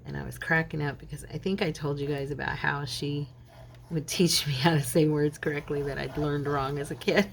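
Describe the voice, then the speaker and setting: Low-voiced chatty middle-aged woman. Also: level tone, a little fast, gravelly, slight background noise. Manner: chatty, laughs often, tells stories. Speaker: crafting channel host; minister. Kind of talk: casual chat while crafting.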